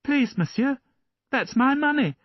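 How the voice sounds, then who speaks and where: A man's voice: very high-pitched, lively intonation, a little slow, no room sound, lo-fi sound, pitched above the performer's own voice. A man voicing a poor ten-year-old chimney-sweep boy who pleads and cries out for his coin, in an audiobook. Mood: pleading. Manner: pleading, then crying out shrilly.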